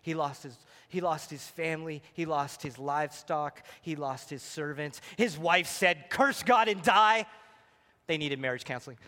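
A male pastor preaching with a high, bright, forceful voice that rings out through a large, reverberant hall. He swings between fervent, near-shouted lines and quiet, hushed moments of reflection. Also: fairly even intonation, moderate pace, few pauses. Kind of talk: sermon.

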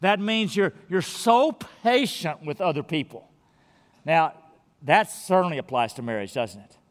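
A male pastor with a notably high-pitched voice delivers an earnest sermon, repeating key words and sinking to a hush to drive a point home. His voice rings out with the long reverb of a large church sanctuary. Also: animated, measured pace.

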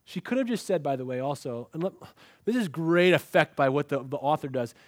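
Male pastor, sermon delivery, fairly high voice, animated storyteller, dry close sound. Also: fairly quick, no room sound. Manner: animated storytelling, acts out quoted lines. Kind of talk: expository sermon.

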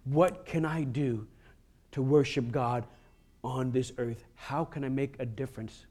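A man preaching a sermon, pleading with the congregation and rising to fervent emphasis, often tossing in a quick "huh?". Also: mid-range voice, fairly even intonation, warm tone. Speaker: pastor.

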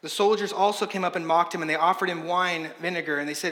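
A man preaching a sermon as pastor, passionate, swinging from loud emphasis to hushed intensity. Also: on the high side, steady tone, quick pace, hardly any pauses. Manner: passionate preaching, rising and dropping in loudness. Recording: echoey hall reverb.

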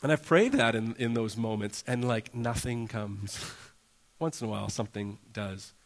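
A man's voice: lowish voice, normal speed. Earnest casual male pastor preaching. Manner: earnest, casual, says "like" often, acts out prayers in a raised voice. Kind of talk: conversational sermon.

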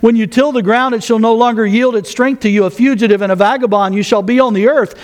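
A man's voice: very high voice, fairly even intonation, fast talker. A man pastor preaching a sermon, folksy with joking asides, reading scripture aloud.

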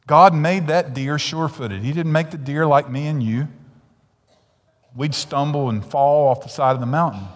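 A male pastor preaching a sermon, swinging between loud emphatic declarations and hushed, near-whispered asides. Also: a little high, normal speed. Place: church sanctuary. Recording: long hall reverb, church sanctuary.

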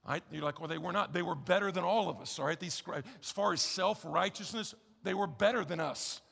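A man's voice: high voice, fairly quick, vocal fry, a bit bright, slightly rough. A man preaching a sermon as pastor, conversational and emphatic, repeating key phrases with wry humor. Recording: echoey church hall.

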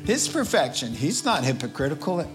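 A man's voice: on the high side, big pitch swings, moderate pace, over music. A man preaching a sermon as pastor, in a conversational, joking way that often acts out quotes.

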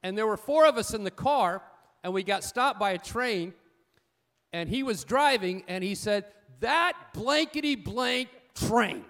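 High-voiced pastor preaching folksy sermon. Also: male voice, moderate pace. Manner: folksy storytelling with call-and-response "amen?"; humorous, repeats key points.

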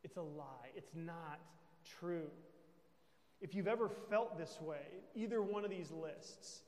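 A man's voice: on the high side, slow, darkish tone. A man preaching a sermon as pastor. He speaks emphatically and keeps checking in with his listeners. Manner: emphatic, with conversational check-ins. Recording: echoey hall with long reverb.

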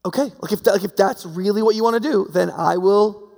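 A reluctant young husband hedges and soothes, as a preacher acts him out. The voice is high and gravelly, and it rings in a large hall. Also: male voice, fairly quick, a little mellow. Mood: hesitant.

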